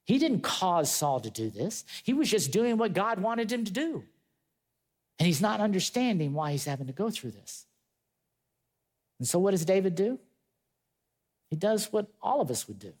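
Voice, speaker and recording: A male pastor preaching a sermon, retelling a story with lively acted-out voices and chatty asides to his congregation. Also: high voice, moderate pace, long pauses. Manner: animated storytelling, acting out quoted voices.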